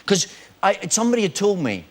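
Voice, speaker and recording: A man in his forties, a guest actor on a chat show, telling lively anecdotes and acting out the voices of people in them. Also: high-pitched, fairly quick. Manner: animated storyteller, acts out quoted voices.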